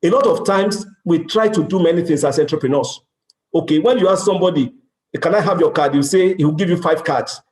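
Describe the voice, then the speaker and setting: A middle-aged Nigerian man with a Nigerian accent gives a motivational business talk at a conference, acting out dialogue and repeating points for emphasis. His voice is slightly high, slightly quick, and a little mellow. The large conference hall makes the recording sound echoey.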